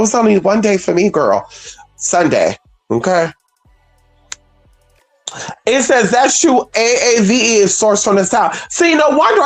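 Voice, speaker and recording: A casual, animated livestream host talks to viewers about spirituality with a blunt, salty edge. The pitch leaps up for exclamations and drops low for wry asides. Faint music plays underneath. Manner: salty and blunt, swears freely.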